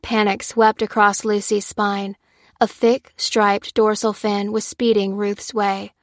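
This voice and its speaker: A woman reading a novel aloud as narrator in steady, measured audiobook narration. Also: medium pitch, no room sound, clean studio sound.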